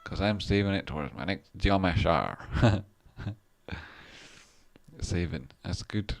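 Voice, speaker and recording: Host role: man with a deep voice, loose and rambling live-stream chat about trading, dry close sound, casual swearing. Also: expressive, slow, creaky, no echo. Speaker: trader and channel host.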